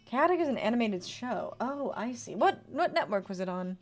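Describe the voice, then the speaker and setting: A female streamer in her twenties chats casually on a livestream, reading card text aloud and responding to her chat. Her voice is on the high side and sing-song at a normal speed, with faint music in the background.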